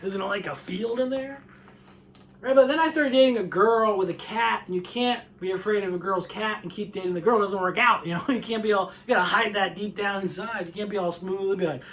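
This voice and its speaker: A man performing a stand-up set, animated, often laughing and acting out voices. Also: high-pitched, fairly quick. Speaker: stand-up comedian.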